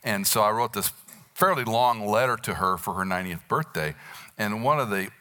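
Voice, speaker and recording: A man's voice: fairly low pitch, moderate pace, sharp tone. A man in his sixties preaching a sermon, telling a Bible story and acting out the quotes with animation. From United States. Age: 60s. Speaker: pastor.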